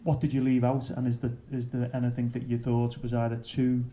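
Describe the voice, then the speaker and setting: A man's voice: medium pitch, completely flat delivery, a little fast, warm tone, highs cut off. A man hosting a book event Q&A, asking rambling, hesitant questions with fillers. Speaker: event host. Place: bookshop event room.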